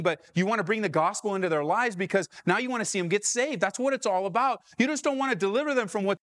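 A man's voice: high voice, a bit bright, no echo. A man from Southern California preaching a sermon to his congregation in church, calling out questions to the room and driving his points home. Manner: preaching with rising calls to the congregation. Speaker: pastor.

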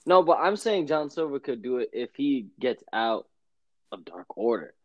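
A man's voice: medium pitch, big pitch swings, moderate pace, no echo, muffled recording. A man from New York with a New York accent, co-hosting a podcast in loose, slangy, rambling chat that repeats itself. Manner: rambling, slangy, repeats himself, laughs often. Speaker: podcast co-host. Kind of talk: casual chat.

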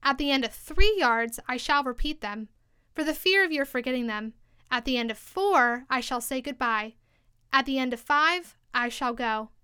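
A woman reading the part of a brisk, bossy queen in a storybook, giving orders. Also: high voice, animated, pushed and bright, smooth, no echo, studio quality. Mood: instructing. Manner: brisk, commanding.

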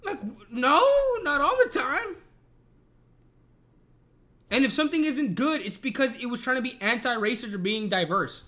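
High-voiced, exasperated man ranting. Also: lively intonation, moderate pace, pauses often, sharp tone. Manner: profane, exasperated, emphatic. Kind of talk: casual ranting commentary.

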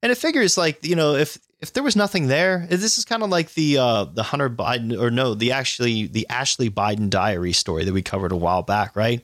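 A man's voice: medium pitch, fairly quick, hardly any pauses, a bit bright, no echo, studio quality. A man co-hosting a podcast, reading news stories aloud and adding sarcastic, profane comments and laughs. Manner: sarcastic, laughs often, swears.

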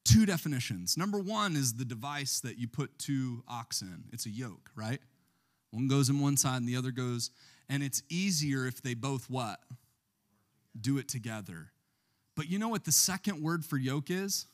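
A man preaching a sermon to a small church, asking the room questions and building up to shouted passages. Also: medium pitch, lively intonation, normal speed. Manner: call-and-response preaching, rising to shouts. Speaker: pastor.

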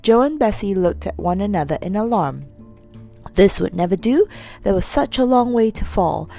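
A woman reading a classic children's storybook aloud, expressive and animated. Her voice sits in a middle register and swings through a lively, melodic range. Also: medium pitch, moderate pace, gravelly, faint music behind.

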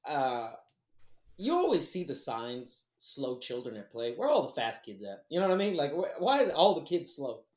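A man in casual podcast chat, swearing a lot and laughing often as he tells animated stories. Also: a little high, normal speed. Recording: roomy echo.

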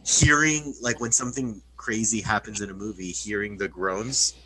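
A man's voice: fairly low pitch, steady tone, moderate pace, crowd noise, poor audio. A man chatting casually on a podcast, loose and profane, with lots of filler words.

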